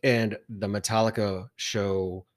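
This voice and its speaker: A man's voice: on the low side, flat delivery, slow pace. A man co-hosting a whiskey podcast, telling a long rambling story in casual chat with many restarts and asides. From Texas. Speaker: podcast co-host.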